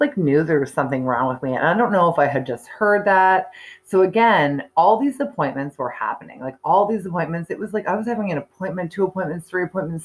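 A woman's voice: on the low side, low-quality recording. A woman, in her thirties or forties, candidly telling a personal story in a chatty way with many fillers and restarts. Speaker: speaker sharing her cancer story.

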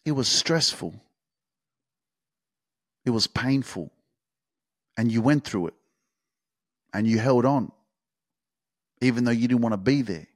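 A man's voice: mid-range voice, a little slow, pauses often, dry recording, clean studio sound. A man hosting a podcast, delivering a motivational monologue in an intense, swearing pep-talk style full of repetition and emphasis. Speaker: podcast host.

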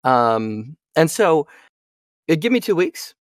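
A man's voice: on the high side, sing-song, takes it slowly, dry recording. Young male voice actor, casual and talkative, dry close sound. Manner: chatty, asks "you know what I mean?" a lot. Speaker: voice actor and audiobook narrator. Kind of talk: casual interview chat.

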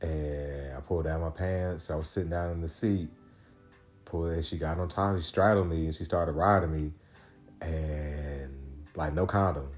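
A man's voice: very deep voice, fairly even intonation, normal speed, darkish tone, faint music behind. A man hosting a podcast, telling a story in a casual solo monologue, loose and profane, with many restarts. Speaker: podcast host.

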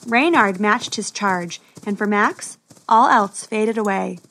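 A woman's voice: mid-range voice, slow pace. Woman reading a storybook tale. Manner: steady, expressive narration. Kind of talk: storybook narration.

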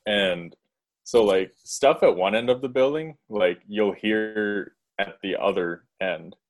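Slow, low-voiced young man, hesitant. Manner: hesitant, many ums and pauses. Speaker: podcast co-host. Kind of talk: casual storytelling chat.

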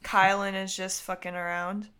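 A woman working as game master for a tabletop game, calling for dice rolls in a quick, stop-start way. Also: mid-range voice, flat delivery, sharp tone.

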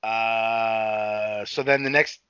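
A man's voice: lowish voice, steady tone, drawn-out words, sharp tone, clear, resonant tone, no echo, highs cut off. A man casually recapping a TV episode in a rambling, profane way, acting out the characters' lines.

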